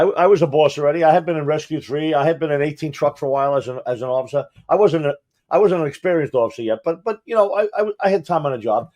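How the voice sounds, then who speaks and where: A man's voice: on the high side, a little mellow. A man co-hosting a fire service podcast, recounting his experiences with frequent restarts and stumbles. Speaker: podcast co-host, former fire chief. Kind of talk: conversational podcast talk.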